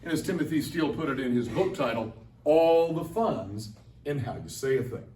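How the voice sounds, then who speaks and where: A man's voice: medium pitch, lively intonation, normal speed, dark tone. A middle-aged man, a Latin teacher and translator, gives a chatty lecture to students and quizzes the audience. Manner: chatty and playful, asks the audience questions. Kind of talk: lively classroom-style lecture to students. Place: large lecture room at a convention. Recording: echoey room, voice from far off.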